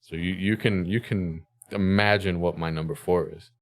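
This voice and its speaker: A man's voice: deep voice, steady tone, moderate pace. A man co-hosting a podcast, chatting casually, swearing freely and often laughing. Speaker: podcast co-host. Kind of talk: casual chat.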